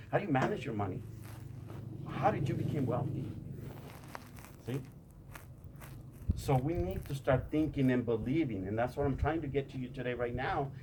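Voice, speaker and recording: A man's voice: medium pitch, a little mellow, slight background noise, rough recording. A man giving a repetitive motivational talk to a group, often stammering as he restarts his sentences. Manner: repetitive, addresses listeners as "you guys". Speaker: motivational speaker.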